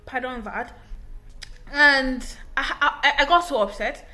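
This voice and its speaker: A young woman retells a personal story in casual, animated bursts, often restarting her sentences. Her voice sits fairly high and sounds bright and forceful. Soft music plays faintly underneath. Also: slow pace. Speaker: English teacher.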